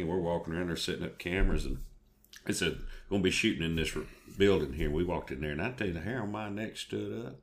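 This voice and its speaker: Deep-voiced folksy man. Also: a little hiss or hum. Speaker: podcast co-host. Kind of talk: casual chat.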